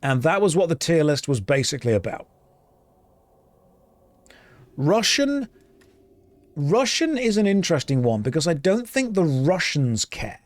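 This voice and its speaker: An English man rambles and jokes as he plays an online game, thinking aloud between moves. His voice sits a little high for a man. The sound is close and dry. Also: sing-song, normal speed, dry recording. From England. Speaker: streamer playing an online game. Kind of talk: casual gameplay chat.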